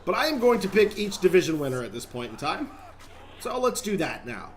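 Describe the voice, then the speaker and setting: Gaming guy chatting away while he plays, voice on the high side, bouncy. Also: sing-song, brisk, slight background noise. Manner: chatty, rambling, talks straight to viewers. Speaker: gaming channel host. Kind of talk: casual gameplay commentary.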